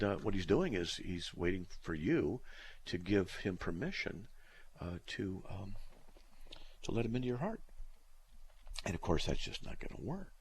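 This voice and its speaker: A middle-aged man with a low, husky voice hosts a live call-in radio show. He talks bluntly and plainly, and his dry humor gives his speech a lively rise and fall in pitch. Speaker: radio host answering listener questions.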